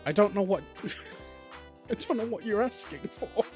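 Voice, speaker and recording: A nervous young bachelor contestant in a game, squeaking high and flustered. His voice jumps way up, loud and panicky, with faint music behind. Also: expressive, a little slow. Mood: confused.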